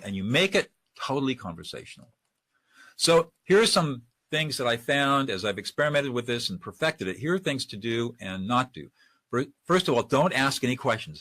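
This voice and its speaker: A man's voice: mid-range voice, sing-song, a little fast, sharp tone, no echo. A man giving a webinar lecture on de-escalation, speaking conversationally and acting out example lines. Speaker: de-escalation trainer.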